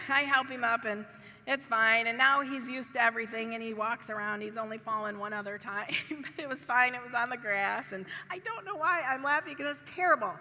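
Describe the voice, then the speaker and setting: A woman's voice: sits high, fairly quick, sharp tone. A woman speaking to an audience at a live event, telling a humorous personal story and laughing often as she goes. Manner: chatty, laughs often through her story. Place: large event hall. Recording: reverberant hall with faint background noise.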